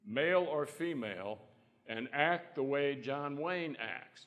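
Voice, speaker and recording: A man's voice: a little high, unhurried, fairly bright tone. Folksy older man telling stories in a hall. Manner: folksy storyteller who acts out quotes. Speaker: trial lawyer on a panel. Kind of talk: anecdotal panel talk. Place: conference hall. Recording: long reverb in a conference hall.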